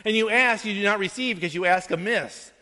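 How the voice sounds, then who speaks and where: Delivering his sermon earnestly and conversationally, this pastor has a voice that sits high for a man and sounds sharp. He often checks in with the congregation through quick "right?" asides, and the long reverb of a large hall rings around him.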